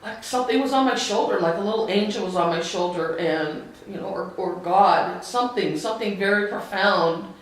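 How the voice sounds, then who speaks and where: A woman telling her family's story to the camera in a halting, earnest way, with many pauses and restarts. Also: mid-range voice. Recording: very echoey room, voice from a distance.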